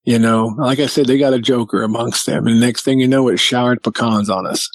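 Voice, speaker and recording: A man telling a personal story as a guest, lively and acting out what people said. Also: medium pitch, brisk, no room sound, poor audio. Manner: animated storyteller who acts out quotes. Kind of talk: casual storytelling.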